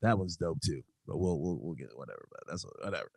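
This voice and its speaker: A man's voice: a bass voice, animated, fast, gravelly, loud music behind the voice. A young adult man, a guest musician, telling stories in casual chat, laughing often and swearing freely.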